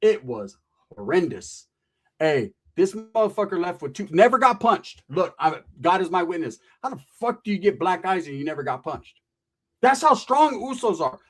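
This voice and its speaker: A man's voice: high-pitched, big pitch swings, moderate pace. A man telling a rowdy story in casual, profane, slang-heavy talk on a podcast. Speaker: podcast host.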